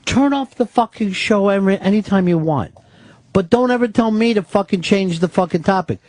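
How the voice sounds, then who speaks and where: A man's voice: high-pitched, expressive, brisk, a little mellow, no echo. Profane, heated male radio host. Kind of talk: angry on-air rant. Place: radio studio. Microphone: studio microphone.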